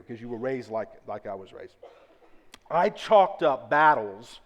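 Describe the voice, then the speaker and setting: A man preaching a sermon as pastor, emphatic and repetitive, slowing down to stress key words. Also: fairly high pitch. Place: church auditorium. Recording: church hall with long reverb.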